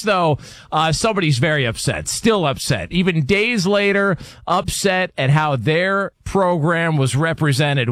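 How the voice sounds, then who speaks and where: A man's voice: fairly high pitch, fairly bright tone, dry recording. A man hosting a sports radio show, setting up segments and reading a sponsor ad. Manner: upbeat, brisk host delivery. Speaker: radio host.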